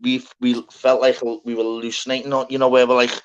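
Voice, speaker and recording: A man's voice: mid-range voice, little pitch movement, brisk, clean tone, muffled recording. A man from Scotland telling a rambling, swear-filled party story in casual chat, repeating "lad" as he goes.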